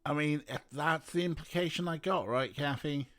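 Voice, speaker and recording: A man's voice: on the high side, normal speed, fairly bright tone. A man streaming a visual novel, making wry, joking asides as casual commentary. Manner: wry, joking asides, clears throat often.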